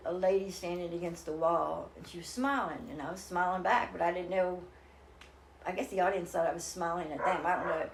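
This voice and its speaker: An older woman, appearing as a guest in an interview, tells a personal story earnestly but ramblingly, restarting often. Her voice sits on the low side, with background noise and a roomy echo in the recording.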